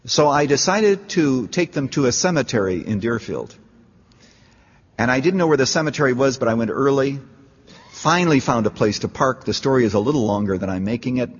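A man's voice: mid-range voice, animated, fairly quick, husky. A man preaching a sermon, telling a story and rising to fervent appeals. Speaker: pastor. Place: large church. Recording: dull, echoey church hall.

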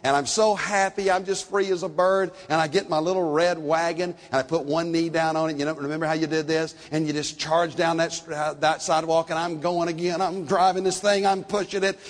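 An older man preaching a sermon, telling stories and swinging between soft, slow passages and loud, animated ones. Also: on the high side, long reverb tail. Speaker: pastor.

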